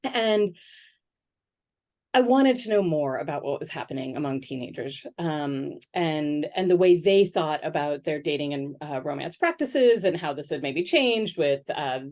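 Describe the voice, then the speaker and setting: A middle-aged woman with a slightly low voice, talking through her research in an easygoing interview. She thinks aloud, peppers her answers with little "right?" checks and livens up when she quotes other people. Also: unhurried. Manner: thoughtful, many "um"s and "right?" tags, animated when quoting others. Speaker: sociologist and author, interviewee.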